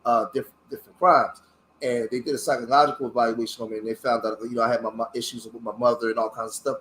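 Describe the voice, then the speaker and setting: Earnest middle-aged man, halting livestream talk. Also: mid-range voice, little pitch movement, fairly bright tone, a little hiss or hum. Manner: halting and searching, many fillers and restarts; earnest, openly emotional about his past. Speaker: community activist hosting his own channel. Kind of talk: casual livestream talk while showing photos.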